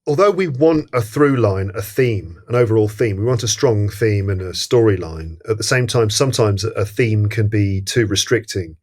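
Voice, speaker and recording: A man co-hosting a casual film podcast with a fairly low voice. He works through his opinions thoughtfully, pausing often with fillers and restarts. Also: darkish tone. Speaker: podcast co-host.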